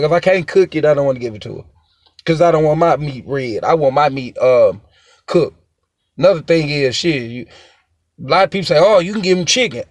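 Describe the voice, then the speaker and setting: A man's voice: a little high, no echo. A young man, giving a rambling, repetitive and emphatic casual monologue as a dog owner, swearing now and then. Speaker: dog owner sharing opinions.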